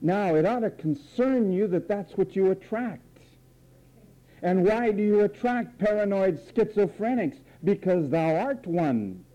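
A man's voice: high-pitched, animated, measured pace, mellow, muffled recording. A man preaching a sermon, theatrical, acting out voices and repeating phrases for effect.

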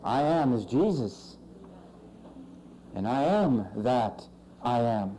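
A male pastor preaching a sermon with emphatic swings in pitch and loudness. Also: big pitch swings, takes it slowly, a little hiss or hum, rough recording.

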